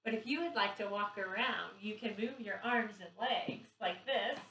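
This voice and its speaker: A middle-aged woman, a pre-k teacher, gently guiding young children through yoga poses on video in an encouraging, sing-song way. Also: medium pitch, moderate pace, a little hiss or hum. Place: home room recorded on camera. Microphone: camera mic from a distance. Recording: echoey room, far from the mic.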